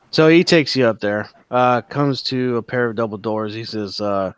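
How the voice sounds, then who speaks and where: A man's voice: mid-range voice, a little slow, vocal fry, clean tone, no room sound. A man narrating as game master in a casual, profane style with many fillers.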